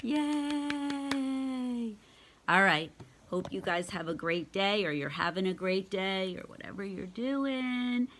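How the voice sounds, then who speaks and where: A woman's voice: medium pitch, measured pace, a bit bright, slight background noise. A woman reading a picture book aloud to children, adding chatty asides and questions for her young listeners. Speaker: read-aloud storyteller.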